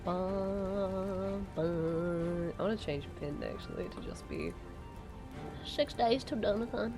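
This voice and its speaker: A woman's voice: mid-range voice, huge pitch swings, moderate pace, gravelly, music in the background. A sick woman streamer with a strained throat, chatting casually while watching videos, rambling and giggling a lot. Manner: giggly, rambling, easily amused. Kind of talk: casual live-stream chat.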